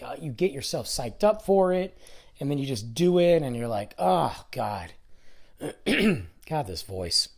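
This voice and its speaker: A man hosting his own podcast, talking alone in a rambling, grumbling, self-deprecating way, with a nasal, congested voice from being sick. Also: a little high. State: congested from illness. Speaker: podcast host. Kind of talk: casual solo podcast monologue.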